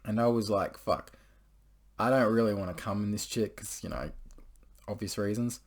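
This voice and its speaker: A man's voice: on the low side, normal speed. A young man casually telling a story to camera, rambling and crude, full of swearing and filler words. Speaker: vlogger.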